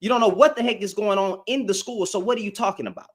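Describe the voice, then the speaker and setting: A man's voice: high voice, quick pace. A man hosting a live stream, ranting back at commenters in slangy, confrontational talk and repeating lines for emphasis. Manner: addresses commenters directly, slangy.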